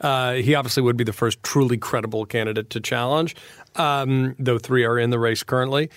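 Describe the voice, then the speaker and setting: A man co-hosts a political podcast, tossing in teasing remarks and short comments. His voice sits at a middle pitch, and it is recorded dry and close. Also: steady tone, a little fast, dry recording. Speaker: political co-host. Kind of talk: casual political podcast chat.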